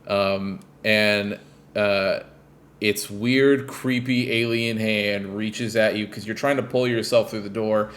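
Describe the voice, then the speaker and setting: Man, podcast co-host, low voice, rambling, fillers and swearing, casual chat. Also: fairly even intonation, takes it slowly, a bit bright.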